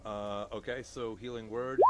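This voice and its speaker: A man playing a tabletop game, describing his moves in an animated way and swearing as he goes. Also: lowish voice, unhurried, heavy background noise. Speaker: player.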